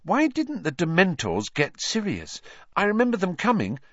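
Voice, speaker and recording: A man's voice: huge pitch swings, normal speed, a bit bright, no room sound, highs cut off, exaggerated voice. A man voicing a young teenage girl who sounds anxious and earnest, pleading urgently in a raised voice. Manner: urgent, pleading, higher pitched.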